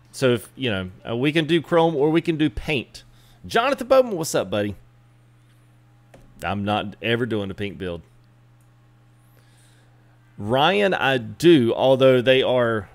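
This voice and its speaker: A man chatting casually with live viewers while customizing a truck in a game, greeting them by name. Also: mid-range voice. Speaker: streamer. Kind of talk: live gameplay stream chat.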